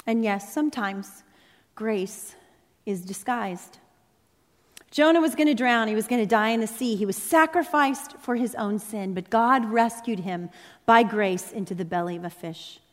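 A woman's voice: on the high side, unhurried. A woman preacher delivering an impassioned, dramatic sermon in a church sanctuary. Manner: impassioned, dramatic, rising and falling intensity. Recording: long reverb in a large hall.

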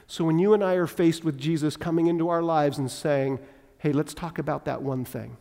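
A male pastor delivers a sermon in a church, his voice sitting a little high for a man. He swings between loud, emphatic preaching and hushed, intimate appeals. A long hall reverb trails each phrase. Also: fairly even intonation, normal speed, gravelly. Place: church sanctuary.

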